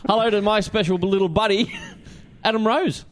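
A man's voice: high-pitched, moderate pace, a little hiss or hum. A man with an Australian accent hosting a podcast, joking, teasing his guests and laughing often. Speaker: podcast host. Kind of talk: casual podcast banter.

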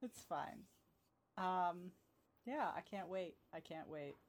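Teasing podcast host woman, lowish voice. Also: expressive, slight background noise. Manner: upbeat, teasing, quick to laugh. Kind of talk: casual book-club chat.

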